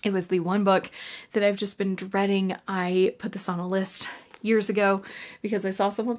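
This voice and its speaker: A woman's voice: medium pitch, little pitch movement, normal speed, darkish tone. A woman giving a casual book review full of cranky, profane rants and emphatic repetition. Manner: gestures a lot while talking.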